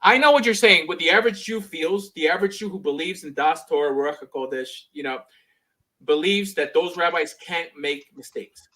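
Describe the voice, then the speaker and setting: A man hosting a podcast, arguing in a casual, quick debate style full of fillers. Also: on the high side, bright, forceful tone, low-quality recording. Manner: quick, conversational, many fillers. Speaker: podcast host. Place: Miami Beach.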